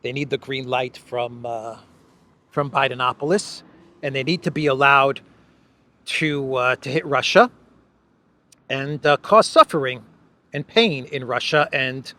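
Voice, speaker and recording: A man's voice: mid-range voice, unhurried, long pauses, pushed and bright. A man hosting a casual political commentary show, sarcastic and playful, often laughing and drawing out words for emphasis. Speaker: host.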